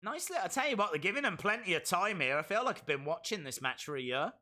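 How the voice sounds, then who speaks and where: A man giving excitable live play-by-play reactions to a wrestling match, bursting into shouts at big moments. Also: sits high, fast. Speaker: wrestling stream host.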